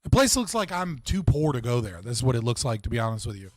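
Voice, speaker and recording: A man's voice: mid-range voice, very animated, quick pace, dry recording, studio quality. A young man hosting a casual livestream, rambling and swearing, often restarting sentences and laughing. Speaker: livestream host.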